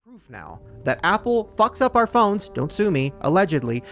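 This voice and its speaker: A male podcast host rants playfully, and his pitch swings widely from line to line. Faint music plays underneath him. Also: big pitch swings, moderate pace, vocal fry, fairly bright tone. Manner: playful, ranting. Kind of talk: casual podcast chat.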